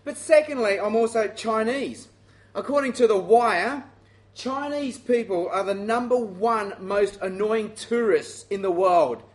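An Australian man preaching a sermon in a lively, self-mocking and direct way. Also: sits high, measured pace.

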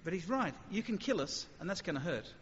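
A man delivers a talk on faith to a gathered audience, animated and conversational, breaking into quick acted asides. His voice sits fairly high. The recording is muffled and dull, carries a long hall reverb and a faint hiss underneath. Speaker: speaker. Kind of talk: evangelistic talk with questions.

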